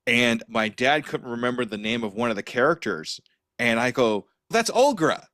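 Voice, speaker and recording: A man hosting a podcast interview, chatting casually with a self-deprecating, lively manner. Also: medium pitch, moderate pace, no room sound, studio quality. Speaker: podcast host.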